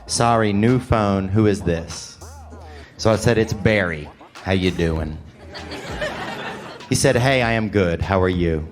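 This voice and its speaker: A man's voice: low voice, unhurried, pauses often, over music. A man doing stand-up comedy, telling a rambling story with a wry delivery.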